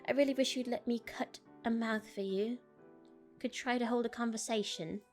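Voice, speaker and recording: Woman voicing a genteel old doll lady for a game read, proper put-on accent, gentle and lonely, faint music behind. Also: a little high, fairly even intonation, normal speed, voice pushed up, lightly acted. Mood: prim. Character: prim antique female doll, gentle and lonely.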